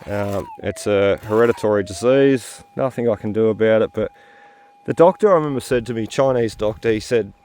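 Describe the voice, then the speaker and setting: A tired man hosting a metal detecting video, talking in a halting, rambling way full of fillers while he searches outdoors. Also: fairly low pitch, darkish tone, slight background noise. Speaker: metal detecting channel host. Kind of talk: rambling casual vlog talk while detecting.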